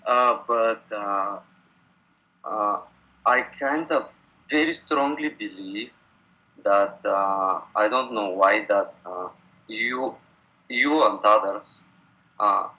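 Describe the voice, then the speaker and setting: A man from Bulgaria calling in to a teacher, asking a question haltingly with many pauses and nervous laughs. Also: on the low side, expressive, bright, forceful tone, highs cut off. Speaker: caller.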